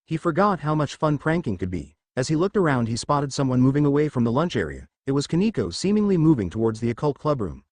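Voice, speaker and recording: Man narrating a story, animated pitch, dry close sound, middle voice. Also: fast, few pauses, dry recording. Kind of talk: scripted fan-fiction narration.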